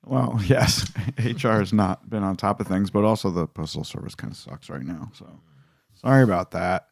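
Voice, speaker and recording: A man's voice: deep voice, moderate pace, creaky, no echo, studio quality. A man co-hosting a comedy podcast, chatty and teasing as he leads the casual talk. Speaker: podcast co-host.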